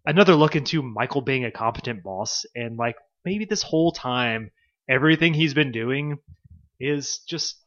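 Animated man on a lo-fi podcast. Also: mid-range voice, moderate pace. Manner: animated, laughs often, quotes scenes in put-on voices. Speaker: podcast co-host. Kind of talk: casual chat.

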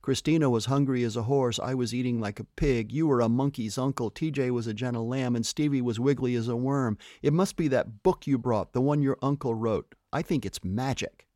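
A man voicing a whiny young girl who has been turned into a pig, wailing and high-pitched. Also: a little fast, hardly any pauses, warm tone, no room sound, studio quality, close to an everyday voice. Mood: pleading.

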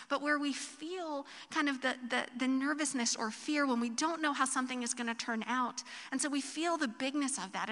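High bright woman pastor preaching. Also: big-room sound. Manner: conversational, tag questions and animated storytelling. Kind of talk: sermon. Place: church sanctuary.

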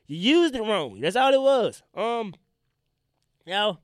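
A man's voice: high voice, measured pace, no echo, studio quality. A young man with a congested voice and a tiring throat, hosting a casual solo podcast and talking to listeners in loose slang. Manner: loose, slangy and animated, addressing listeners directly. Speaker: podcast host.

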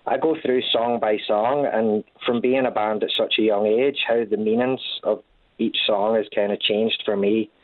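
A man's voice: on the low side, steady tone, dry recording. Scottish man on a tinny call. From Scotland. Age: 30s. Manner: halting, with many restarts and repeated words. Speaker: guest. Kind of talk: casual conversational interview. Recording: tinny phone-like line.

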